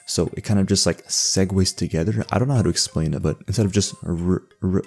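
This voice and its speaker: A man's voice: deep voice, fast talker, slightly rough. A young man, hosting a comedic voice-over explainer, sarcastic and joking, often laughing mid-sentence. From Canada. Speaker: language-learning video host. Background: faint background music.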